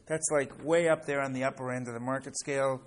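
A middle-aged male teacher lectures in an easygoing, conversational voice of middling pitch. He keeps checking in with "right?" and "okay?", filling his pauses, and rises in pitch as he gets animated. A faint hiss sits under the recording. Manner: chatty, many fillers and "right?" check-ins, rising when animated. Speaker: Torah teacher. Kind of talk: casual classroom lecture with storytelling.

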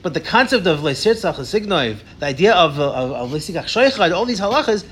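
Fast, animated man teaching a class. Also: high voice, slight background noise. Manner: animated, fast storytelling with many restarts. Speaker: teacher leading a Torah discussion. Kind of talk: casual class discussion.

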